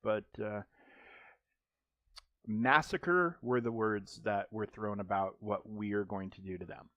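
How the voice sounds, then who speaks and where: A man's voice: lowish voice, slow pace, dry recording, lo-fi sound. A man streaming a mobile game live, chatting casually and joking, rambling with frequent ums and restarts.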